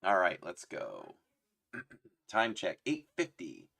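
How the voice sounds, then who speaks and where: A man's voice: low-pitched, wildly swooping pitch, slow pace, vocal fry, bright, forceful tone, breathy edge. A man hosting a casual trivia livestream, playful, laughing often and reading chat aloud. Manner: fond of doing voices. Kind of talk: casual live-stream chat.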